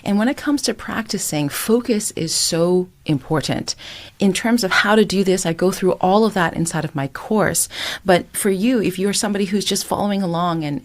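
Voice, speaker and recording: A middle-aged woman teaching singing, explaining step by step with an encouraging tone. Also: fairly low pitch. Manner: encouraging, explains step by step, sings short phrases as demonstrations. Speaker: voice coach. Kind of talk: singing tutorial, talking to camera.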